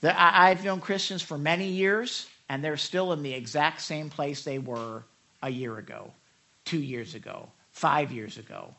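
Bright-voiced animated male preacher. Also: a little slow. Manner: animated storytelling, acts out quotes with raised pitch; conversational, frequent restarts and asides to the audience. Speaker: pastor. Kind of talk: sermon.

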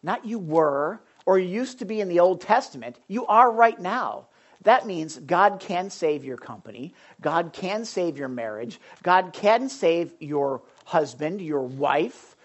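Animated woman preaching a sermon. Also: lowish voice, measured pace, lo-fi sound. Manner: animated, conversational, emphatic with frequent asides.

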